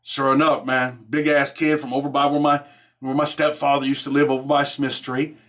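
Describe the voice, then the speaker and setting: A man's voice: mid-range voice, flat delivery, normal speed, fairly bright tone. A man hosting his own show, telling a story in a casual, streetwise, profane way and dropping "man" into nearly every phrase. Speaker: host.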